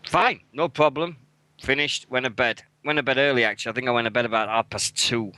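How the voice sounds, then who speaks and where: A man's voice: mid-range voice, steady tone, a little fast, bright, forceful tone, no room sound, rough recording. A man in his forties with a British accent, co-hosting a casual radio chat, talking bluntly and swearing often. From England. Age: 40s. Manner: swears a lot, blunt and emotional. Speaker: radio co-host.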